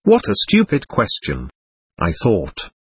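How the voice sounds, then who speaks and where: Husky-voiced man reading a story. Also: lowish voice, wildly swooping pitch, takes it slowly, dry recording. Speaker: narrator. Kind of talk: first-person audiobook narration.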